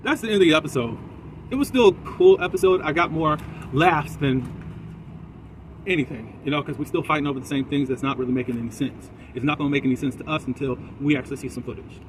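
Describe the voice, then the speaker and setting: A man giving an animated, opinionated, chatty recap of a reality TV episode, talking from a car. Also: on the high side, quick pace, background noise. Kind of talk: casual episode recap commentary.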